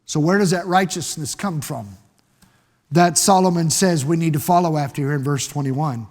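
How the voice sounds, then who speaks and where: A man's voice: fairly high pitch, moderate pace, a little mellow. A man preaching a sermon in a church, emphatic, often repeating words and asking the congregation questions. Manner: emphatic, repeats words while building a point; asks the congregation rhetorical questions. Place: church sanctuary. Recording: long church hall reverb.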